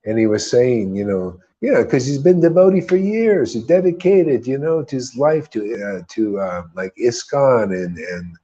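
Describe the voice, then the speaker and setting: Guy leading a devotional meetup, emphatic, keeps asking the crowd questions, husky voice, dull lo-fi sound. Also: mid-range voice, animated, unhurried, hardly any pauses, warm tone. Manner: emphatic, repetitive, rhetorical questions. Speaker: devotional group leader. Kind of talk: informal spiritual talk.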